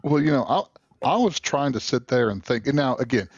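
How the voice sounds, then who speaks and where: A man from the Deep South with a Southern accent, co-hosting a movie podcast in casual, opinionated chat. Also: animated, brisk, slightly rough, no echo, dull audio. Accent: Southern American. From American Deep South. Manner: rambling, opinionated. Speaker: podcast co-host.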